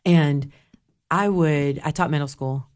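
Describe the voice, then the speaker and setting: A woman guest, a library director and former teacher, speaking thoughtfully and in a measured way. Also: sits low, darkish tone. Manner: thoughtful and measured when explaining. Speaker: library director and bookshop board member, guest. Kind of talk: interview conversation.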